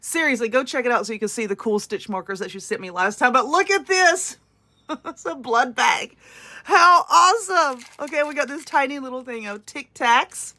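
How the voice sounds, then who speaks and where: A woman's voice: fairly high pitch, lively intonation, fairly quick, sharp tone. A woman with a Southern US accent, gushing and exclaiming as she unboxes crafting goods in a casual vlog. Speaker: crafting vlogger. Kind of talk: excited unboxing chat.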